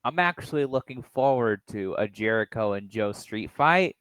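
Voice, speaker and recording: A man's voice: on the low side, animated, moderate pace, a bit bright, clean tone, dry recording, poor audio. A man co-hosting a wrestling podcast, talking loosely and casually with some swearing. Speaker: podcast co-host. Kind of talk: casual chat.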